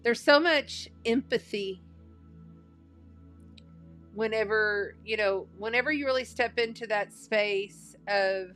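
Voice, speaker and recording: A woman's voice: mid-range voice, takes it slowly, long pauses, fairly bright tone, soft background music. A woman giving a casual spiritual tarot and astrology reading, chatty and folksy, repeating phrases for emphasis.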